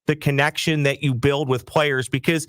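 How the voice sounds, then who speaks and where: A man's voice: a little high, level tone, normal speed, fairly bright tone, smooth, no echo, studio quality. A man co-hosting a sports chat show, talking earnestly and building his point through repetition. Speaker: sports podcast co-host.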